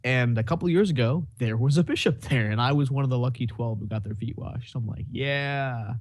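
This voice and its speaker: A man's voice: medium pitch, fairly quick, a little mellow, dry recording. A man co-hosting a podcast, telling church stories with offhand, dry humor. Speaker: podcast co-host. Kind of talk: casual chat.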